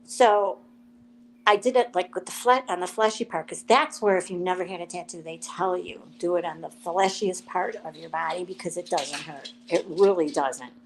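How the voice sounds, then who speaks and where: Woman guest on a live chat, animated storyteller who does the voices in her quotes. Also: on the low side, normal speed, slight background noise, poor audio. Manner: animated storyteller, acts out quotes, laughs often.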